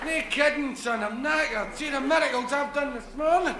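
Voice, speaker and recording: A man's voice: very high voice, moderate pace, heavy background noise, pitched above the performer's own voice. A man voicing a tall, matey male holy leader with a Glaswegian accent, hearty and worn out, talking laddish pub chat. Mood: hearty, weary. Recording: echoey live room, loud crowd laughter.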